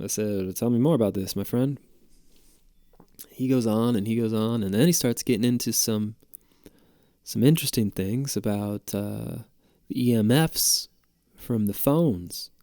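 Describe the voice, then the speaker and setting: Gravelly podcast host, rambling and profane, in a dry booth. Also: male voice, fairly low pitch, a little slow, dark tone, no echo. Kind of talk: casual storytelling monologue.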